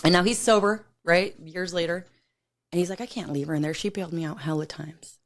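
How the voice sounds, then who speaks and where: A woman's voice: fairly low pitch, a little fast. A woman from California, a podcast guest, telling her own recovery story in a candid, blunt way, swearing and acting out what others said.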